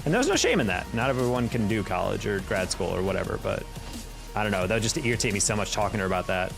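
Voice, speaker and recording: A young man with a fairly low voice talks casually to his chat while playing a game. He rambles through stories and answers, laughing easily. Faint music plays underneath. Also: very animated, fast, vocal fry. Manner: chatty, storytelling, laughs often.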